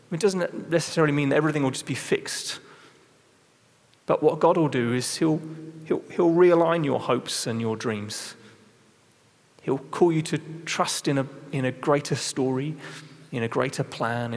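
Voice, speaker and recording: An earnest male preacher delivers a sermon, repeating words as he builds his point and slowing down for scripture. His voice sits in a middle register. The sound rings with the long reverb of a large church hall. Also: mid-range voice.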